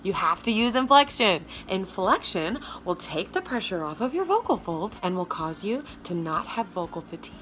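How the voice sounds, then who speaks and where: A woman vocal coach with a Southern American accent and a low alto speaking voice, giving a chatty, emphatic lesson straight to her viewers. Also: very animated, normal speed, few pauses, fairly bright tone, soft background music. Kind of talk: casual video lesson.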